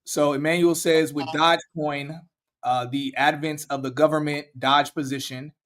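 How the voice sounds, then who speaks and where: Animated, higher-voiced man hosting. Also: normal speed. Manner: animated, laughing, acts out quotes. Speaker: podcast host. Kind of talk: casual podcast chat.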